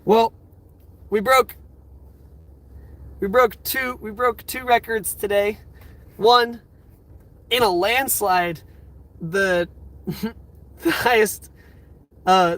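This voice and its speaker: A man's voice: high voice, fairly even intonation, slow, pauses often, a bit bright. A young man in his twenties hosting a live stream from his car, emotional and teary, with exclamations that keep tumbling out. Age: 20s. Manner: emotional, overwhelmed, repeating exclamations. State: teary, near crying. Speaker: livestream host. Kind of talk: casual live-stream chat. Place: inside a parked car.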